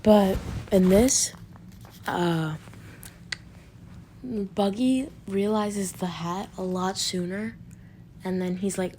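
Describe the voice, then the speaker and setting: A woman's voice: medium pitch, slow pace, pauses often, mellow, a little hiss or hum. A woman retelling a fan story off the cuff, rambling and casual, with occasional swearing. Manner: rambling, many fillers and restarts, occasional swearing.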